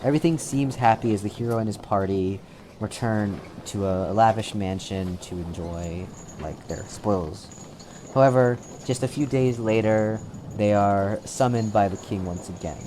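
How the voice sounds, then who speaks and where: Man, game master, tabletop narration, low voice, easygoing delivery, faint background hiss. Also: normal speed, mellow. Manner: laid-back, with many fillers and restarts.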